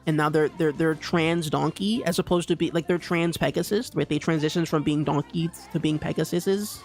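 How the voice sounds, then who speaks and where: A man's voice: fairly high pitch, steady tone, moderate pace, darkish tone, faint music behind. A young man streaming live, rambling casually and stammering through many restarts and repeats.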